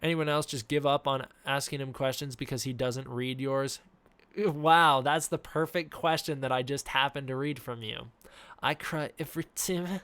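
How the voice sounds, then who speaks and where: A man's voice: mid-range voice, fairly even intonation, moderate pace, a bit bright, clear, resonant tone, no echo. Casual young male streamer, dry close mic. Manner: casual, reads chat questions, frequent fillers. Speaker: live streamer. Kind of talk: casual live-stream chat. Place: indoors at home. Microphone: desk mic with face cam.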